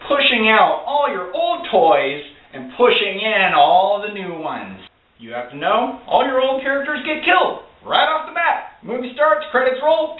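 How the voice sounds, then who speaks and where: A high-pitched man rants sarcastically, swearing and getting worked up as he talks. His voice comes through thin and phone-like, with a lot of room echo, as if he sits well away from the mic. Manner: sarcastic, profane, excitable. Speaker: film reviewer. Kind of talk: casual ranting review. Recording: tinny, echoey, far from the mic.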